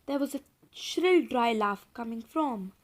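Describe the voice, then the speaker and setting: A woman narrates a spooky children's story for an audiobook, drawing out the tension line by line. Her voice sits slightly high, and she now and then turns to her listeners directly to warn them of what's coming. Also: lively intonation, a little slow. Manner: suspenseful, addresses listeners directly. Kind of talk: dramatic audiobook reading.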